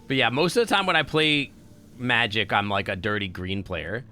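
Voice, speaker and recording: A man's voice: mid-range voice, normal speed, bright, forceful tone. A man streaming a video game, chatting casually and swearing now and then. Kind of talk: casual gameplay chat.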